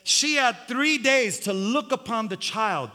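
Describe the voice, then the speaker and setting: A man's voice: extremely high pitch, animated, measured pace, pushed and bright. An older man preaching a fiery sermon as pastor, with hallelujah refrains, in a church sanctuary. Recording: long hall reverb.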